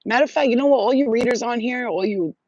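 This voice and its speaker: A woman's voice: a little high, fast talker, darkish tone, dry recording. A woman psychic reader hosting a casual livestream, talking brashly with plenty of swearing and laughter. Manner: brash and profane, laughing often. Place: at home. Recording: dull lo-fi sound.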